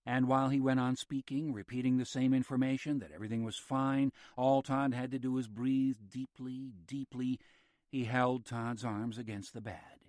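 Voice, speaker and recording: A man reads a horror audiobook at a measured, steady pace with a mid-range voice. The recording is dry and close-miked, with no room around it. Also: medium pitch, no room sound. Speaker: audiobook narrator. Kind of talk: scripted narration.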